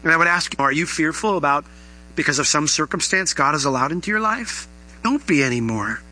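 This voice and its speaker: Guy preaching, earnest and chatty, lots of questions to the crowd, slightly high and really bright voice. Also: animated, fairly quick, low-quality recording. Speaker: pastor. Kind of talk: sermon.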